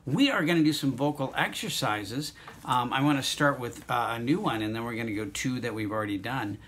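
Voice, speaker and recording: A man teaching an online music lesson, encouraging students and walking them through note names and vocal warm-ups. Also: mid-range voice, brisk, a little hiss or hum.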